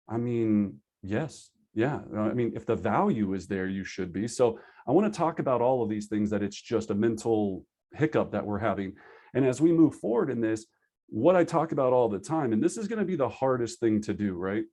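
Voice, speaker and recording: A man teaching a live online class for real estate agents over a video call, energetic and conversational, acting out his students' excuses. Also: medium pitch. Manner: acts out agents' excuses in quick asides. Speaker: real estate sales trainer.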